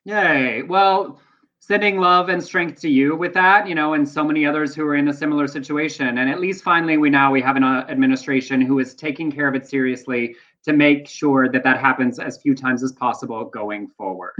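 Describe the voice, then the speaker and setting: Animated joking co-host, lo-fi sound. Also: male voice, on the high side, fairly quick. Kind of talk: casual live internet chat.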